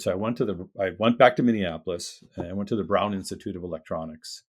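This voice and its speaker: An older man with a very deep, low voice, guesting on an interview show. He tells his story loosely and animatedly, slipping into the voices of the people he meets, with the odd casual curse. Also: fast. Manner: animated storyteller acting out quoted dialogue; casual with mild swearing.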